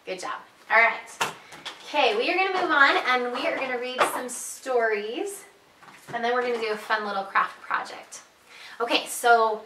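A woman preschool teacher reading picture books aloud to young children in a slow, sing-song storytelling voice. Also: a little high, pushed and bright, a little hiss or hum. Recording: echoey room, voice heard from a distance.

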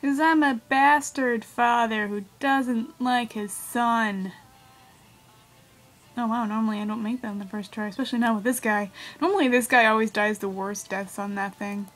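Gamer woman, high and unhurried, yelping over her game, with faint music underneath. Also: steady tone, rough recording. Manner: yelps and squeals at the game. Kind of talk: let's play commentary.

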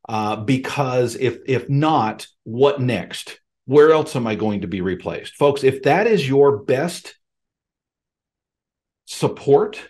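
A man's voice: mid-range voice, darkish tone. A man hosting a podcast from his home office, giving an emphatic monologue and speaking straight to his listeners as folks and friends. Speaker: podcast host.

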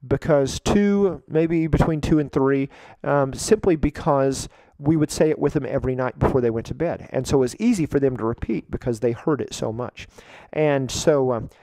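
A man who trains children's ministry volunteers, explaining in a relaxed, conversational way and now and then acting out what he says to the kids. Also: mid-range voice, no echo, rough recording. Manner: conversational, acts out kids' church lines with a lively raised voice. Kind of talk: instructional talk.

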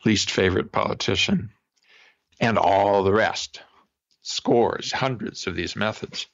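A man, a psychologist guest on a podcast interview, explaining exercises in an animated way and demonstrating them aloud. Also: lowish voice, slow, creaky. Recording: dull lo-fi remote audio.

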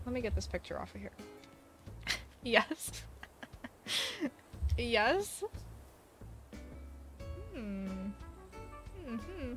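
A woman's voice: mid-range voice, animated, slow pace, long pauses, fairly bright tone, faint music behind. A woman streamer chatting casually on a live stream, giggling often and talking to her pets. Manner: bubbly, giggly, baby-talks to her pets.

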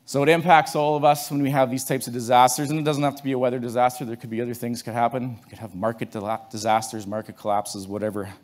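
A man from Canada speaks to a conference room in a relaxed storytelling way, pitched right in the middle for a man. He often doubles back and restarts his sentences as he talks things through with the audience. His delivery sounds unscripted and friendly rather than polished. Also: fast, few pauses. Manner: conversational storytelling, many restarts. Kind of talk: conference talk.

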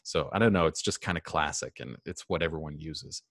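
A man's voice: extremely low pitch, brisk, a bit bright, no room sound, studio quality. A man teaching a class in a casual, rambling way, with frequent ums and restarts. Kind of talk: classroom lecture.

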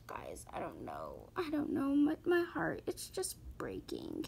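A woman giving excitable, gushing commentary to her viewers while shopping in a game. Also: sits low, measured pace, vocal fry, hardly any pauses, a little hiss or hum. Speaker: gaming vlogger.

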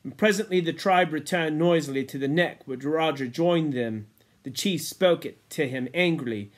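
A man reading a novel aloud in a measured way, sinking low and quiet at grim moments. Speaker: reader.

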